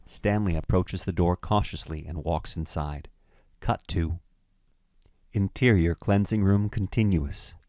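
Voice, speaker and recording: A man narrating a screenplay's stage directions in a measured, matter-of-fact way. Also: low voice, a little mellow, no echo, clean studio sound.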